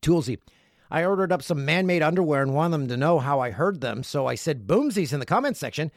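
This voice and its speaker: A man's voice: a little high, fast, creaky, no echo. A middle-aged man hosting a podcast from his home studio, reading listener messages aloud in a playful, joking way. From Canada. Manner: playful, jokey, lively delivery. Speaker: podcast host.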